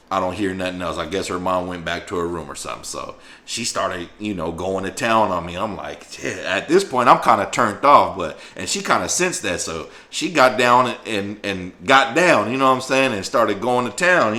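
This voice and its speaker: A man's voice: sits low, normal speed. A young man telling a profane, slang-filled story in a casual monologue. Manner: slangy, profane, animated retelling. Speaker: storyteller vlogger.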